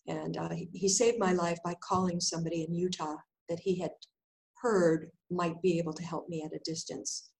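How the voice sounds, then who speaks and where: On a low-quality recording, an older woman who is an intuitive healer tells her story as a guest, speaking at a moderate pace with a creaky voice. She animatedly performs each exchange, her pitch swinging up and down, voicing the other people in quoted lines and laughing along the way.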